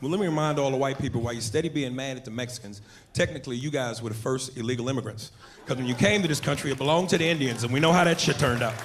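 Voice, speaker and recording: A man doing brash, profane stand-up comedy on a club stage, loud and punchy. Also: medium pitch, very fast. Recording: live club recording with loud crowd and noise.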